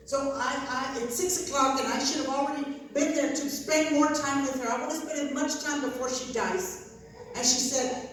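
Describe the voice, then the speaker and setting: A woman minister telling a humorous faith testimony, animated and often laughing as she acts out dialogue. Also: high-pitched, a little fast. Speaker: Christian minister. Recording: echoey hall, distant mic, noisy.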